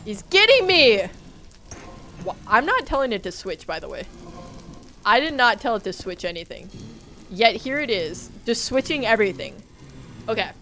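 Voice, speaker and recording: A woman's voice: mid-range voice, big pitch swings, normal speed, fairly bright tone, a little hiss or hum. A woman streaming a game live, talking to her chat, jumpy and swearing as she plays. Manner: jumpy, swears, talks to chat while playing.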